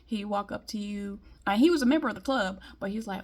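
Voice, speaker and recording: A fast-talking woman from Detroit, in the US Midwest, delivers a blunt, emphatic monologue in casual vlog style. Her voice is mid-range.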